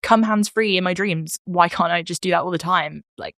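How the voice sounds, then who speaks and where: A woman's voice: lowish voice, normal speed, fairly bright tone, no room sound, clean studio sound. Frank, playful woman comedian. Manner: frank, playful, laughs often, swears freely. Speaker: podcast guest, comedian. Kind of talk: casual podcast chat.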